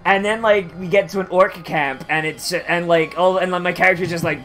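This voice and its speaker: A man's voice: high voice, fairly even intonation, brisk, a bit bright, soft background music. A man streaming a game, telling a story in a rambling, swearing, filler-heavy casual chat.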